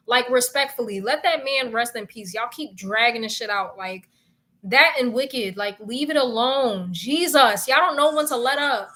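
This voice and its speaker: A young woman speaks with in a bright, tense voice that sits a bit high. She chats casually to her viewers. She rants in an animated, exasperated way and swears freely. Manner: animated, profane and exasperated ranting. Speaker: vlogger.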